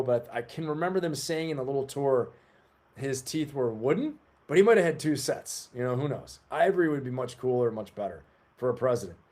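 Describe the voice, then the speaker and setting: Mellow-voiced man hosting a livestream. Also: fairly high pitch. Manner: rambling, chatty, talks to the chat. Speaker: livestream host. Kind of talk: casual live-stream chat.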